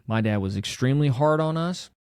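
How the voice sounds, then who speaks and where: A middle-aged man talks through a personal story in a loose, reflective way, full of fillers and restarts. His voice sits in an ordinary middle pitch. It is recorded dry and close, with no room sound. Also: animated, brisk, darkish tone, smooth, no echo. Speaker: personal trainer and former wrestling coach. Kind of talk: casual storytelling monologue.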